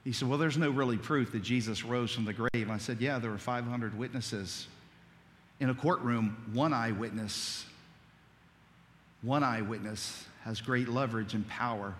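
A man's voice: mid-range voice, measured pace, long reverb tail, slight background noise. A man preaching a sermon, telling a story and then building into a fervent, rising litany.

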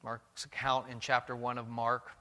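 A man's voice: mid-range voice, monotone, moderate pace, sharp tone, big-room sound. A man preaching a sermon as pastor, earnest and questioning, often restarting his words.

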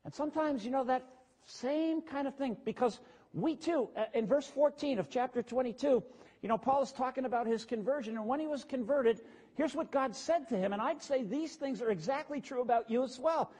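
A pastor with a strikingly high, husky voice preaches in a relaxed, everyday way. He talks to his congregation like he's chatting with them, dropping asides as he goes. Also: a little fast. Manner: casual, plain-spoken preaching with asides to the congregation. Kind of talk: conversational sermon.

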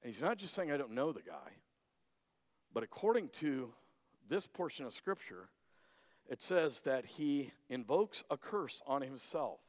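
A male pastor preaching a sermon dramatically, swinging between loud emphasis and hushed lines. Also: mid-range voice, expressive, a little slow. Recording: echoey hall.

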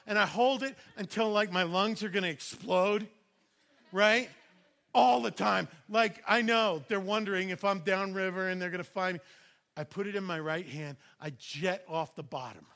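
A man's voice: high-pitched, pushed and bright. A middle-aged man, a pastor, telling a personal story in a sermon and acting out other people's voices.

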